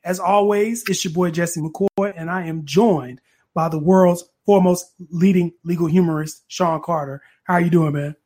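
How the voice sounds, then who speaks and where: A man's voice: high voice, steady tone, dark tone. A man co-hosting a podcast, trading playful jokes with a friend. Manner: playful, joking, quick laughs. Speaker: podcast co-host. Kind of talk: casual podcast banter.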